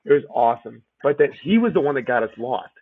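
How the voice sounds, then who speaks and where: A man casually telling profane, animated stories about training with old classmates. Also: medium pitch, quick pace, slightly rough, phone-quality sound. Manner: animated, profane storyteller acting out quotes. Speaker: podcast guest, former officer candidate. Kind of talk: casual storytelling chat.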